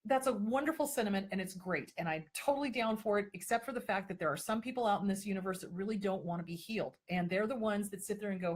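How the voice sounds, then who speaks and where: A woman's voice: lowish voice, fast talker, hardly any pauses, slightly rough. A woman hosting a live-stream advice talk and answering viewer questions, talking emphatically and with lots of repetition, and sometimes slipping into mocking voices to act out other people.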